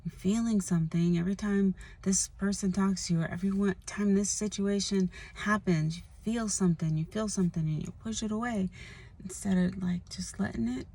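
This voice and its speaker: A woman's voice: mid-range voice, steady tone, brisk, mellow. A woman vlogger talking casually and earnestly to camera, rambling with lots of "like" and "you know.". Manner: earnest, confessional. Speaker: spiritual vlogger. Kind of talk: casual spoken monologue.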